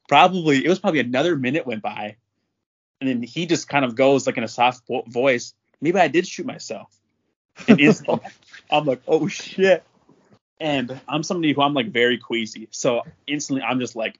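A young man from North Dakota, a podcast guest, telling a story casually and laughing often. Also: mid-range voice. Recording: slightly muffled lo-fi audio.

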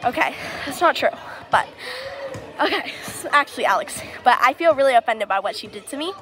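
A woman's voice: high voice, animated, brisk, noisy background. A woman co-hosting a casual podcast while walking outdoors on a street, joking in a playful, over-dramatic way. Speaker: podcast co-host.

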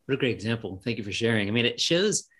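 A male interview host who talks quickly and sums up his guest's story with encouragement. His voice sits in a middle range for a man. He keeps steering the conversation with warm follow-up questions. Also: medium pitch, lively intonation. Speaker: podcast host. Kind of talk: interview hosting.

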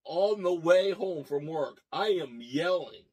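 A man co-hosting a casual podcast, an animated storyteller who swears and acts out arguments. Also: on the high side, takes it slowly, slightly rough. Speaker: podcast co-host. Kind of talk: casual chat.

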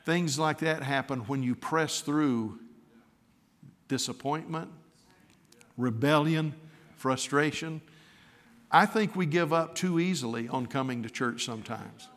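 A man's voice: on the high side, measured pace, long pauses, fairly bright tone. An older male preacher delivering a sermon, telling a heartfelt personal story and rising into fervent exhortation. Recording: reverberant hall.

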